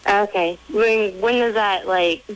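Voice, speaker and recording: A woman in her twenties calling in to a radio advice show. Her voice sits mid-pitched, and she talks in a giggly, hesitant way with many pauses. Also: fairly even intonation, smooth, low-quality recording. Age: 20s. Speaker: caller. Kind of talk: call-in conversation.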